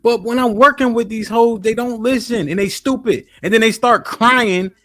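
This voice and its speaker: A man's voice: extremely high pitch, normal speed, a bit bright. A man on a podcast, chiming in bluntly and crudely during a casual debate.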